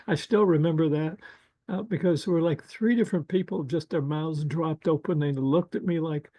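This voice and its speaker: An older man presenting an online workshop over a video call, speaking slowly and gently with many fillers and asides. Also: on the high side, dry recording, poor audio. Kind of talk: casual online workshop talk.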